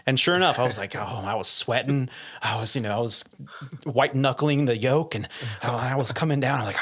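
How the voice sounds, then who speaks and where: A man's voice: mid-range voice, brisk. Storytelling pilot, laughing man. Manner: animated anecdotes, laughs often, acts out quotes. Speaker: podcast host and airline pilot. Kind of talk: casual chat, storytelling.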